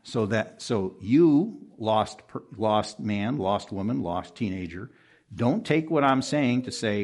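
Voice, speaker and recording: A man's voice: animated, slow, a little mellow. Earnest preacher man pressing his point. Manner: earnest, pressing, rises sharply for emphasis then drops low. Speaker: pastor. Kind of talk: expository sermon. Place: room with a congregation.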